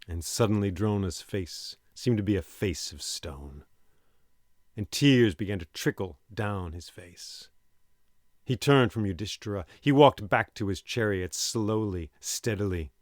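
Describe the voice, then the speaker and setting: A man telling an epic tale aloud in an expressive, dramatic way. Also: lowish voice, unhurried, no echo, clean studio sound. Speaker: storyteller. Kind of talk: oral storytelling.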